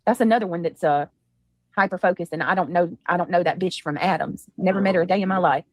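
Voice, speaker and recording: A woman's voice: lowish voice, quick pace, a little mellow, dry recording. A woman on a livestream, casually drawling greetings to her viewers and chatting.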